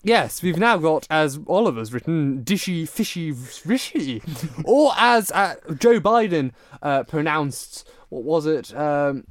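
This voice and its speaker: A man's voice: fairly high pitch, expressive, takes it slowly, hardly any pauses, no room sound. A man hosting a casual political chat show, speaking in a mock-formal way and laughing often. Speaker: podcast host.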